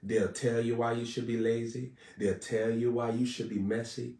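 A man's voice: medium pitch, little pitch movement, moderate pace, warm tone. Male preacher, fiery repetitive delivery, roomy echo, a little distant from the mic. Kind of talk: live-streamed sermon.

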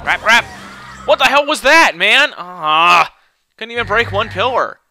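A young man commentating his own video game run, swinging between frustrated shouting and swearing and calm explanations of tactics. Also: sits high, measured pace, faint music behind. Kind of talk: let's play commentary.

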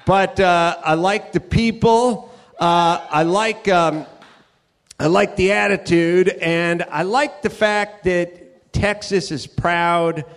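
High-voiced man riffing on stage. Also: takes it slowly, smooth. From California. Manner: rambling, profane, riffing storyteller. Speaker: host. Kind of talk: live comedic monologue. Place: comedy club stage.

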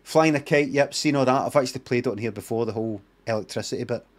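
A man's voice: mid-range voice, fast. A middle-aged Scottish man streaming live, reacting to a trailer with sarcastic, sweary ranting.

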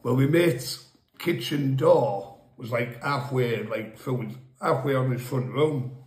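A man's voice: mid-range voice, slow, a little mellow. A man casually telling rambling, funny stories about his past, laughing and swearing as he goes. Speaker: storyteller guest. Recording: echoey room.

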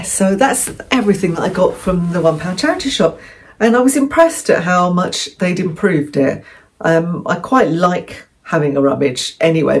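A chatty woman from England talking casually through a secondhand clothing haul, rambling and correcting herself as she goes. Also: on the low side. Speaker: vlogger.

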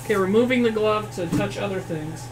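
The stream shows a woman from the Upper Midwest with a Northern Plains accent cooking at home, frying food faintly sizzling in the background. Her mid-range, darkish voice moves a little fast over slight background noise as she bluntly swears and answers her chat.

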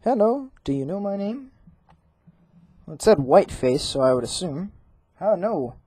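A let's play gamer giving horror game commentary, talking back to the game and reading its text aloud, jittery and quick to break into frightened yelling. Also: medium pitch, sing-song, husky, dry recording, poor audio. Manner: reads on-screen text aloud.

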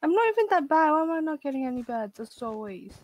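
A young woman chatting casually while gaming, playful and self-mocking with quick exclamations. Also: high voice, big pitch swings. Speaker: gamer.

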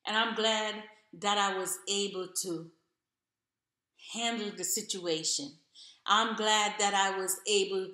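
A woman's voice: medium pitch, bright, forceful tone, roomy sound. A woman telling her own story to camera in an earnest, encouraging way, repeating phrases for emphasis.

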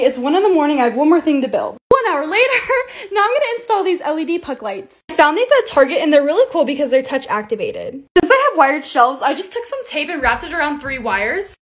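A young woman narrating her own lifestyle vlog in a bubbly, excitable voice-over. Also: sits high. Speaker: beauty and lifestyle creator.

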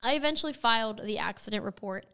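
A young woman co-hosting a podcast, chatting casually with quick, teasing reactions. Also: on the high side, animated, sharp tone, clear, resonant tone. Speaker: podcast co-host. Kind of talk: casual chat.

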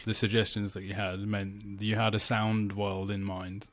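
Brief: low-pitched Yorkshire-raised man, jokey storyteller, relaxed home chat. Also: a little slow. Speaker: guest composer. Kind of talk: casual chat. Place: home flat.

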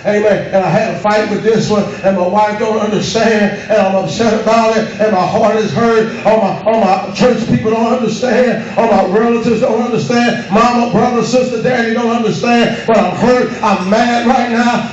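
A male pastor preaching a fervent sermon, rising into drawn-out shouts and calling on the congregation to answer. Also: very high-pitched. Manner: calls on the congregation for responses. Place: church sanctuary. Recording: echoey, dull room recording from far off with background noise.

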